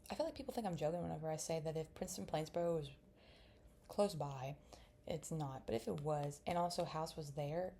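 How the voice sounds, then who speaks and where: A woman's voice: sits low, creaky, dark tone, a little hiss or hum. Young woman rambling while she draws. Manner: rambling, mumbles to herself. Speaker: vlogger. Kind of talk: casual chat while drawing.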